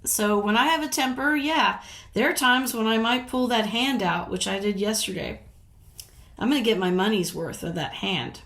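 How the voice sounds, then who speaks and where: A woman's voice: on the high side, normal speed, creaky, fairly bright tone. A middle-aged woman from the United States talking casually to camera as a vlogger, frank and indignant, swearing freely and laughing between points.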